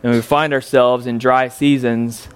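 A man teaching a Bible story in a casual, conversational way, full of rhetorical questions and fillers, swinging from incredulous highs to quiet reflection. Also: level tone, unhurried, smooth.

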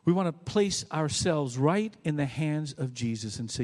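A male pastor preaching a sermon, swinging from loud bursts to quiet, low asides. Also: animated, normal speed, few pauses. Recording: long hall reverb.

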